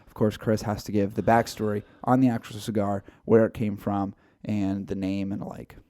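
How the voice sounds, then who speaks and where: A man's voice: fairly low pitch, little pitch movement, moderate pace, mellow, no echo. A man co-hosting a casual podcast, talking in a loose, rambling way with fillers. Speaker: podcast co-host.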